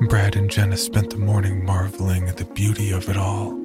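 Low monotone guy narrating a creepy story, slow and somber. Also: over loud music. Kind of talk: scripted horror story narration.

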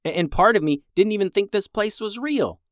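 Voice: medium pitch, lively intonation, a little fast, no echo, clean studio sound, pitched above the performer's own voice, close to an everyday voice. A reader voicing a wry, reluctant boy who grumbles a little in a storybook. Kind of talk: storybook reading.

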